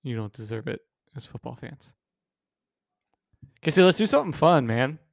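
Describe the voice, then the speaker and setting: A man's voice: medium pitch, sing-song, moderate pace, gravelly, no room sound, clean studio sound. A man co-hosting a casual sports podcast, goofy and playful, pushing silly bits on his co-host.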